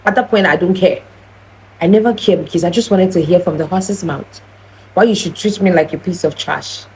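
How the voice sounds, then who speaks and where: A woman's voice: lowish voice, normal speed, darkish tone, rough recording. A young woman tells a personal story in an earnest, heated vlog style, often restarting her sentences. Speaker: vlogger.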